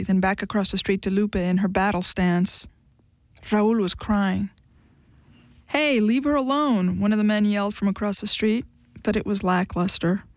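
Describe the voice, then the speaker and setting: A woman giving an audiobook narration in an even, measured storytelling manner. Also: mid-range voice, no echo.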